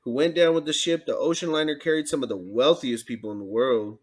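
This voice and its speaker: A man's voice: mid-range voice, steady tone, fast. A man co-hosting a casual podcast, reading facts aloud and tripping over words. He breaks off to joke with his co-host. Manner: stumbling reading, joking, laughs often.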